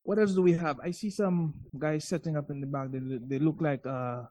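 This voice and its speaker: Mellow-voiced co-host who jokes around. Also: male voice, on the high side, steady tone, moderate pace. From Saint Lucia. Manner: jokey, eager interjections about food. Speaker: event co-host. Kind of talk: casual live event hosting banter. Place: indoors at an evening gala.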